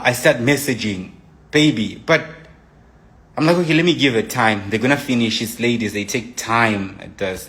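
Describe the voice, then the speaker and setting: A young man giving an emotional personal account, animated, acting out his own messages as he retells them. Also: mid-range voice. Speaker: storyteller.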